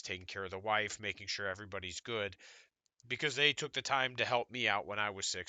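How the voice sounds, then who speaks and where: A middle-aged man, congested from illness, giving a relaxed, rambling update to his gaming channel's viewers. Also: on the low side, no room sound. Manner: relaxed, rambling, self-deprecating.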